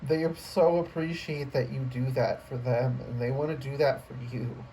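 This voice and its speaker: Mellow-voiced, rambling tarot reader. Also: mid-range voice, fairly even intonation, moderate pace. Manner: rambling, trailing off and restarting, emotional. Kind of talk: casual spoken tarot reading to camera. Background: faint computer fan hum.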